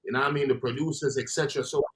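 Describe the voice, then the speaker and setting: A man's voice: mid-range voice, fairly even intonation, rapid-fire, fairly bright tone. A man with a Jamaican accent, a guest in a casual interview, talking in a laid-back way and trailing off between phrases.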